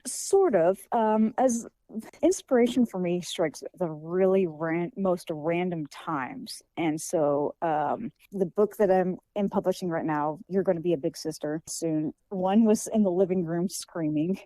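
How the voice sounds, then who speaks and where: Soft-spoken hesitant young woman. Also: on the low side, measured pace, dry recording, rough recording. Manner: hesitant, many fillers and restarts. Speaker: guest author. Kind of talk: casual interview answers.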